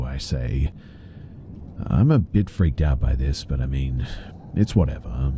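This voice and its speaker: A man's voice: very deep voice, lively intonation, a little slow, pauses often, dark tone, a little hiss or hum. A man narrating a first-person horror story in a casual, conversational way.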